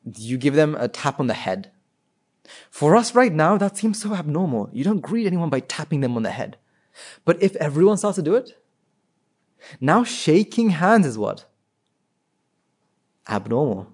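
A man gives an informal talk to an audience in a fairly high, slightly mellow voice with a breathy edge. He's very animated, speaks at normal speed, and pauses often, asking rhetorical questions and frequently restarting his sentences.

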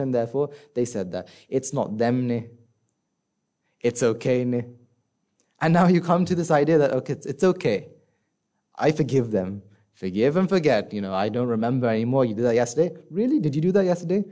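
Mellow-voiced man giving a dharma talk. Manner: conversational, asks the audience rhetorical questions; acts out inner voices in a soft low voice. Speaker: Buddhist teacher.

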